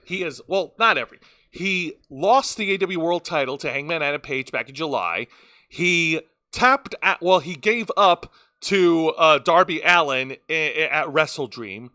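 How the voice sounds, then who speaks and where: Bright-voiced man recapping wrestling. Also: expressive, unhurried, no echo, clean studio sound. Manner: rambling, stumbles over words, mimics wrestlers in low voice. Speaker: wrestling show co-host. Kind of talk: casual podcast recap.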